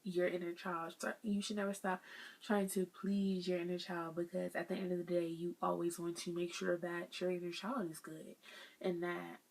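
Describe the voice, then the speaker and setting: A woman's voice: fairly low pitch, little pitch movement, moderate pace, gravelly, a little mellow. A young woman, talking through life lessons to her viewers in a casual, earnest vlog and calling them y'all. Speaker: vlogger sharing life lessons.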